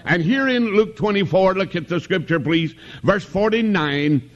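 A middle-aged man preaches a revival sermon in a tabernacle, his voice sitting a touch higher than most men's. He talks in a folksy, homespun way, mixing jokes with calls for amen. He speaks into a stage microphone. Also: lively intonation, moderate pace, muffled recording.

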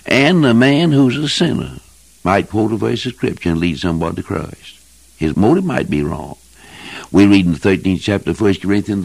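A man's voice: fairly low pitch, gravelly, dry recording. A man preaching an emphatic old-time sermon, swinging his voice up and down for emphasis. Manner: emphatic, preaching in rising and falling bursts. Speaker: evangelist preacher.

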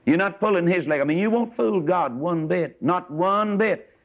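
Folksy preacher. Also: male voice, normal speed. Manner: animated, storytelling, preaching, rises to high exclamations. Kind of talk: folksy sermon. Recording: dull lo-fi sermon recording.

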